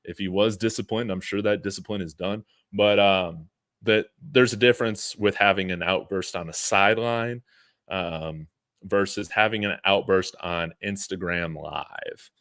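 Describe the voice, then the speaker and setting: A low-voiced man hosts a live sports stream at a measured pace, the recording dry and studio-clean. He chats casually, reads out viewer messages and rambles, relaxed, with plenty of fillers and chuckles.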